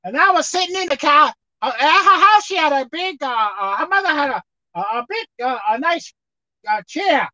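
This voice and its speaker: High-pitched woman preacher, lively and bright, on a muffled recording. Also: moderate pace, no room sound. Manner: animated, acts out pleading prayers, calls out to listeners. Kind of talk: sermon.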